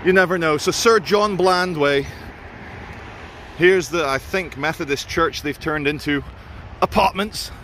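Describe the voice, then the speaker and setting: A man narrates as he walks suburban streets with a handheld camera, chatty, opinionated and quick with sarcasm. His voice sits a little high for a man. Faint traffic and street noise run underneath. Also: fairly bright tone. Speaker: vlogger filming a walk. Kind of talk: walking vlog narration.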